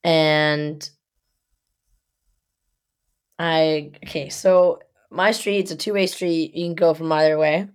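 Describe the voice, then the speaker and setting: A young woman co-hosts a podcast, telling a story in casual chat that is heated and full of swearing. Her low-pitched voice is clear and resonant, with fairly even intonation and an unhurried pace.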